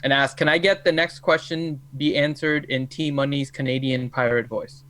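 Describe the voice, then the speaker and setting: A man hosting a live stream who reads viewer questions aloud with a wry, steady manner. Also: mid-range voice, moderate pace. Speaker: host reading viewer questions.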